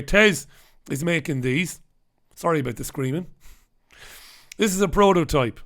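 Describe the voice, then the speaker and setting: A middle-aged man, hosting a casual live-stream and chatting, joking and reading out viewers' names. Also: fairly high pitch. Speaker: host.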